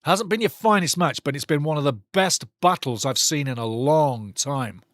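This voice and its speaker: A man with a slightly high voice delivers passionate live football commentary for a watch-along at a moderate pace. He mocks the referee and banters with the chat, recorded in studio quality with no room sound.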